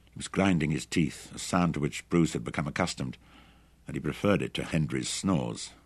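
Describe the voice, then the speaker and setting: Deep-voiced male audiobook narrator. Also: slightly rough, no echo. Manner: measured, steady reading. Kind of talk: scripted narration.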